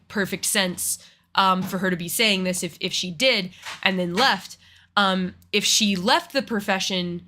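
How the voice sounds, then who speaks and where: A woman's voice: medium pitch, sharp tone. A woman who works as a teacher, talking frankly and emphatically in a casual reaction chat, with many restarts.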